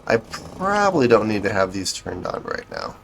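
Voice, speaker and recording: Low-voiced man narrating his gameplay. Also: huge pitch swings, normal speed, creaky, a bit bright, slight background noise. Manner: thinking aloud, self-correcting, dryly sarcastic. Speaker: game streamer. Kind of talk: casual gameplay commentary.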